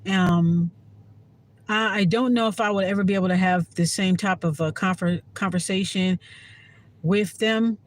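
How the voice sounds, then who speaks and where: High-voiced man ranting candidly. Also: fairly even intonation, normal speed, poor audio. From Washington DC area. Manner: candid, profane, rambling with frequent fillers. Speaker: spiritual vlogger. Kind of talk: casual monologue to camera.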